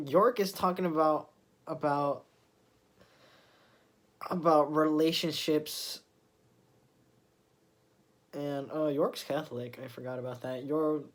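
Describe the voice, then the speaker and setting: A man casually recapping a comic issue, rambling with many fillers and restarts as he retells scenes. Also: fairly high pitch. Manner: retells scenes with quoted lines. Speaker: comic book reviewer.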